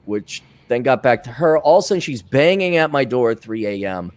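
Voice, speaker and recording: A man's voice: a little fast, hardly any pauses, dry recording. A man telling stories in casual chat, acting out quoted dialogue and swearing now and then. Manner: animated, acts out quoted dialogue with big pitch swings.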